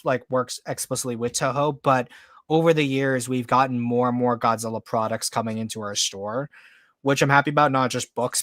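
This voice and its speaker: A man's voice: medium pitch, a bit bright, no echo, studio quality. A man hosting a casual podcast chat, loose and joking, with lots of "like". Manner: loose, joking, heavy use of "like". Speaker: podcast host.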